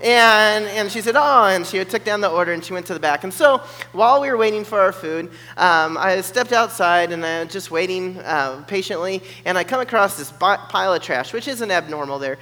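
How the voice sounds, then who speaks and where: A man telling a personal story in an animated way, acting out the voices of the people in it. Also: high-pitched, brisk, hardly any pauses. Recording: long hall reverb.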